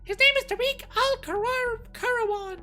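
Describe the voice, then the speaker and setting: A man's voice: extremely high pitch, moderate pace, bright, forceful tone, faint music behind, pitched above the performer's own voice, exaggerated voice. A man voicing a stern male police director giving orders over the radio in a clipped, official manner. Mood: briefing.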